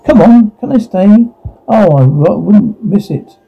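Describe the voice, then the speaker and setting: A man's voice: high-pitched, lively intonation, unhurried, vocal fry, breathy edge. A man reading all parts of a teen drama scene aloud, speaking the sound cues between the lines, on a dull lo-fi recording.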